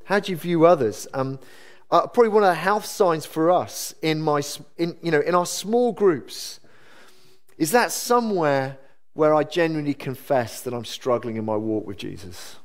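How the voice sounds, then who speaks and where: A man preaching a sermon in a church, earnest and conversational, with sudden lively rises. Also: on the high side, normal speed. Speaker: pastor.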